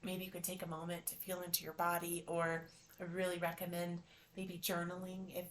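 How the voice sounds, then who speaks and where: A woman's voice: fairly low pitch, monotone, a little fast, a bit bright, a little hiss or hum. Effusive encouraging woman podcast host. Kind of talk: motivational podcast monologue.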